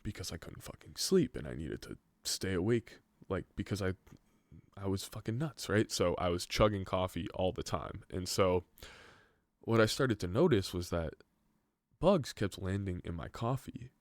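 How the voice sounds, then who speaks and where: A man's voice: sits low, lively intonation, moderate pace, no echo. A young man hosting a podcast, telling a rambling story in casual chat, swearing freely and saying "like" often. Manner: rambling, profane, heavy use of "like". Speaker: podcast host.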